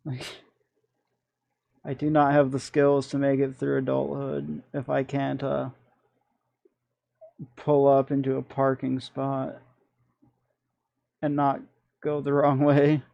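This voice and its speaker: A man's voice: mid-range voice, completely flat delivery, slow pace, vocal fry, long pauses, darkish tone, no room sound, highs cut off. A man with a Michigan accent, streaming and chatting casually through his gameplay in a rambling, self-deprecating way.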